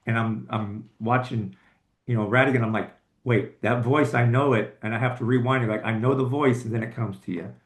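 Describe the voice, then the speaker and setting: A man's voice: mid-range voice, steady tone, fairly quick. Man talking films in an echoey room. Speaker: podcast co-host. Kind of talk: casual chat.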